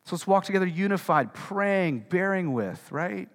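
A man's voice: high-pitched, animated, moderate pace, long reverb tail. A male pastor preaching a sermon in a conversational way, putting questions to the congregation and repeating words. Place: church hall.

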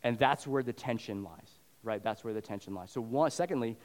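A man's voice: medium pitch, a little fast. Man preaching in a reverberant hall. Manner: conversational preaching, rising to fervent emphasis. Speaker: pastor. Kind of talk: sermon. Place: church sanctuary. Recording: long reverb of a church hall.

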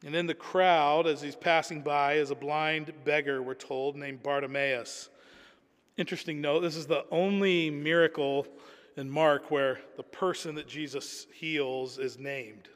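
A man's voice: a little high, steady tone, a little slow, in a large hall. A man preaching a sermon in an earnest, emphatic way, often repeating words as he builds a point.

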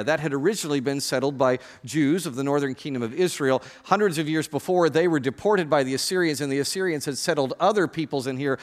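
A male pastor giving a sermon, lively and joking as he addresses the congregation directly. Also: a little high, big-room sound.

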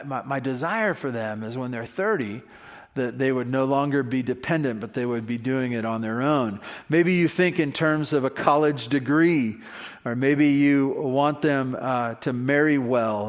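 A male pastor preaching a sermon in a conversational way, with rhetorical questions. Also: mid-range voice. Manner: conversational, many fillers and restarts, rhetorical questions.

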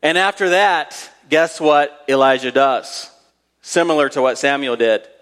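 A man's voice: on the high side, a little slow, a bit bright, clear, resonant tone, long reverb tail. A man preaching a sermon, reading scripture aloud and retelling Bible stories in a conversational way with dramatic emphasis.

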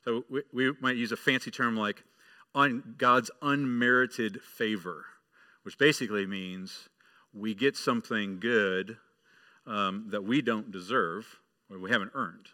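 A man's voice: fairly low pitch, unhurried, sharp tone. A male pastor preaching a sermon, telling a story to the children and building to emphatic preaching.

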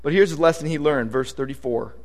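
A man's voice: a little high, fairly quick. A male pastor preaching a sermon in a conversational, emphatic way, reading scripture aloud as he goes.

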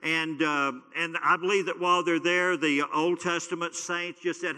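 Smooth, bright and pushed, this man's slightly high voice holds a steady tone at a moderate pace, barely pausing. He's a pastor teaching loosely and conversationally, telling stories and using many fillers, with long hall reverb around him.

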